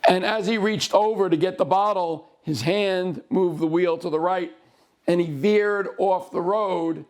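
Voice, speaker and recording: High-voiced man telling a case story. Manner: deliberate, broken into short phrases, with slowed emphasis. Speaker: lawyer. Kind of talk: recounting a past case.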